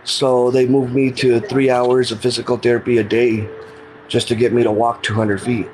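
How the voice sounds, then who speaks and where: A man's voice: medium pitch, level tone, moderate pace, darkish tone, slight background noise, low-quality recording. A middle-aged man telling a personal story in a casual, earnest, plain-spoken way, often retelling what people said to him. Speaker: guest telling his story.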